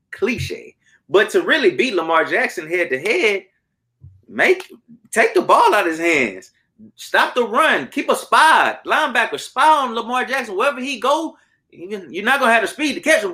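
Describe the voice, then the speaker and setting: Male podcast co-host, casual betting talk, animated and emphatic, voice sits a bit high. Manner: animated, repeats words for emphasis. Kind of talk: casual sports betting chat.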